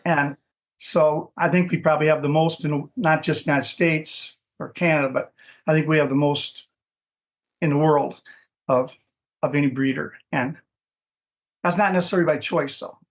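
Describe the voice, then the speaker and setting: A middle-aged man speaking as a guest on an interview podcast, with a voice pitched a little above most men's. He talks casually and loosely, stacking fillers and restarting his sentences as he tells his story. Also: steady tone, moderate pace, long pauses. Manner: rambling, many restarts and "you know" fillers. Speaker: dog breeder, podcast guest.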